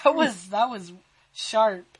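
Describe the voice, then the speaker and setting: Female co-host, high and lively voice, giggly, unhurried delivery. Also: slightly rough. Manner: giggly, quick reactions. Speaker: podcast co-host. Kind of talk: casual chat.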